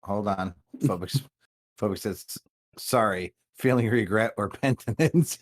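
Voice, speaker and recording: A man's voice: lowish voice, measured pace. A man co-hosting a podcast in casual chat, teasing his partner and reading news articles aloud. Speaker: podcast co-host.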